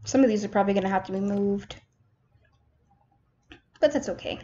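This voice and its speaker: A woman's voice: medium pitch, normal speed, mellow, slight background noise. A young woman casually commentating as she plays a management game, chatty and self-mocking, talking to herself as she builds. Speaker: gaming streamer. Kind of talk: casual let's-play commentary. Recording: slightly dull lo-fi home recording.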